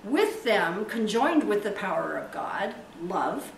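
Woman pastor, emphatic sermon and prayer, drawn-out stresses; roomy, distant recording with faint hiss. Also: medium pitch, sing-song, vocal fry. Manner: emphatic, stretches key words for effect. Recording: echoey room, distant mic, faint hiss.

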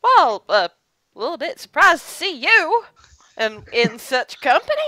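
A woman's voice: high voice, very animated, a little slow, sharp tone, no room sound, pitched above the performer's own voice, exaggerated voice. A woman voicing a blunt young female ranch hand in a tabletop game, talking in a folksy drawl full of 'ain't'. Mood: wry.

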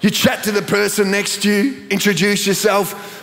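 A man preaching a sermon in an animated, sing-song cadence in a large church auditorium. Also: high-pitched, moderate pace, vocal fry. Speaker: pastor. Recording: long reverb of a large church hall.

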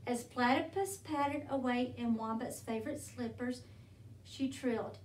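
A woman reading a picture book aloud in a gentle, unhurried storytelling manner. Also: a little high, a little hiss or hum. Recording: roomy, from a distance.

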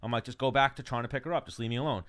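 A man's voice: mid-range voice, racing, fairly bright tone, smooth. A man on a casual podcast telling a long story and voicing the people in it. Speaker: podcast co-host.

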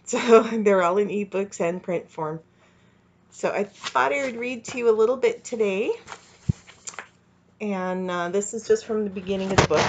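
A middle-aged woman, a mystery author, speaking softly and casually before reading from her novel. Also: medium pitch, a little hiss or hum. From Canada. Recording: dull lo-fi recording.

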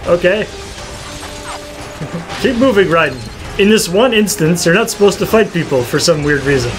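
A man's voice: sits high, expressive, a little slow, rough recording. Playful man on a game stream. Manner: joking, playful. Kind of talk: casual gameplay chat. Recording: game music behind the voice.

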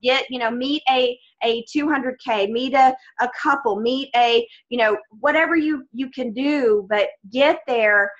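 A woman's voice: fairly high pitch, measured pace, hardly any pauses, dull audio. A woman giving an encouraging motivational talk to a team on a video call, speaking with emphasis and addressing them as guys.

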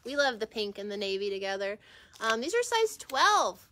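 A woman's voice: on the high side, big pitch swings, moderate pace, bright, forceful tone, slight background noise. A woman co-hosting a live resale-shop sale, joking playfully and laughing between prices and sold numbers in a shop. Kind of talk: live shopping stream chat. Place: shop interior.

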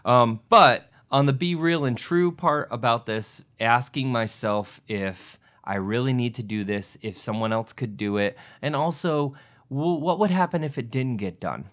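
A man's voice: medium pitch, unhurried, fairly bright tone. A man co-hosting a podcast, talking casually and self-deprecatingly, often restarting his sentences. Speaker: podcast co-host. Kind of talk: casual conversation.

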